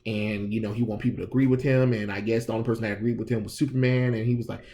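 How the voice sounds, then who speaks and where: A man's voice: lowish voice, steady tone, rapid-fire, warm tone. A man giving a casual, exasperated review of a comic book, sarcastic, slangy and full of restarts.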